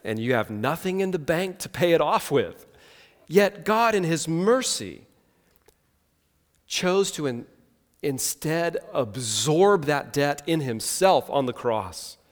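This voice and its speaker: A male pastor delivers a sermon in an earnest, measured way, often slowing to stress key words. His pitch rises and falls with lively movement. The voice carries a long reverb, as in a large hall. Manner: earnest, measured preaching with slow emphatic pauses.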